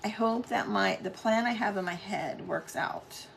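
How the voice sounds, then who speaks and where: A woman's voice: mid-range voice, unhurried, creaky, slight background noise. A middle-aged woman hosting a casual live craft stream at home, chatting with viewers and greeting them by name.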